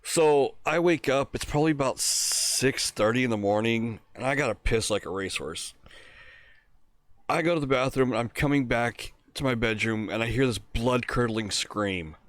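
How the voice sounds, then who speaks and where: A man's voice: medium pitch, normal speed, dry recording. Man telling a raunchy story. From Pennsylvania. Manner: profane, laughs through his own story. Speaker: podcast co-host. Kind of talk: casual storytelling.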